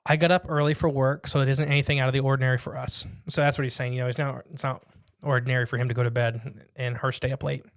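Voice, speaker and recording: A man co-hosting a casual podcast, reading a listener's written story aloud and breaking in with quick jokes and asides. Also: medium pitch, level tone, no room sound, studio quality.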